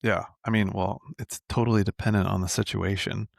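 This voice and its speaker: A man's voice: fairly low pitch, level tone, fairly quick, gravelly, no room sound, clean studio sound. A man working as a men's coach, talking casually in a podcast interview and tagging his points with "right?" and the odd swear word. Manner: conversational, frequent "right?" tags.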